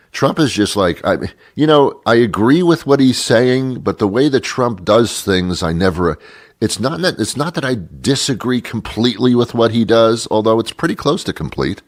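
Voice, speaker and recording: A man's voice: medium pitch, animated, normal speed, dry recording, studio quality. A man hosting his own podcast, riffing in a sarcastic, profane comic monologue with laughing asides. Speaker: host. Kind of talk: casual comedic monologue.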